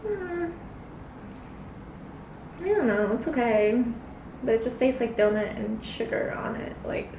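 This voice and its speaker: A woman's voice: fairly high pitch, animated, unhurried, creaky, pauses often. A young woman chatting in a rambling, filler-heavy way between bites while she eats on camera. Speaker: cosplay vlogger. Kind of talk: casual mukbang chat while eating. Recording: roomy, distant mic, faint hiss.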